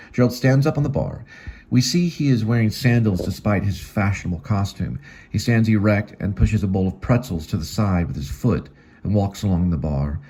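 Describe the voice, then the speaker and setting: A man's voice: low voice, mellow, husky. A man reading his own screenplay aloud, working through the scene directions plainly, with small slips. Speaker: actor and channel host.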